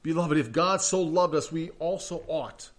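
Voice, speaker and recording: A man preaching a sermon, reading scripture aloud and breaking into hushed, questioning asides. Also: fairly high pitch, normal speed. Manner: animated, swings between loud reading and hushed asides. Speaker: pastor.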